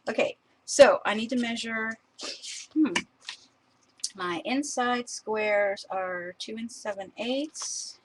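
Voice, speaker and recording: A chatty woman talks her viewers through her craft papers in a loose, rambling way and laughs often. Her voice sits at an ordinary pitch. Faint hiss runs under the recording. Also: poor audio. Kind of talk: casual live-stream craft demo.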